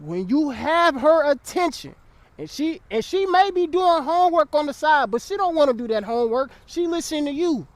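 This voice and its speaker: A man's voice: very high voice, lively intonation, normal speed, dry recording. A young man giving blunt, profane dating advice in a casual vlog, often checking in with the listener.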